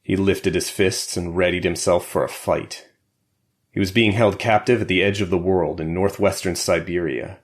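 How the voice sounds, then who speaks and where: A man narrating an action thriller audiobook in a steady, measured way. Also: deep voice. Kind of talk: scripted narration.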